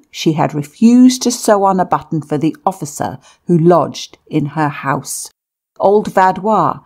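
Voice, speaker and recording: A woman reads a memoir aloud in a measured, deliberate manner. Her voice is low and gravelly with a husky edge, and she takes her time over every phrase. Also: darkish tone. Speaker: narrator. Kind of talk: audiobook narration of a memoir.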